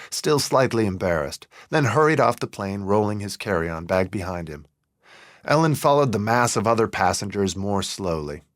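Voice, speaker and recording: Calm low-voiced male audiobook narrator. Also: no room sound, studio quality. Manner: calm, measured reading. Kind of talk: scripted narration.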